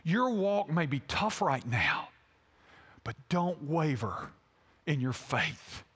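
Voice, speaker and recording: A man preaching a sermon as a pastor, telling a story haltingly with many fillers. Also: on the high side, sing-song, fairly bright tone, slightly rough. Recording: long hall reverb.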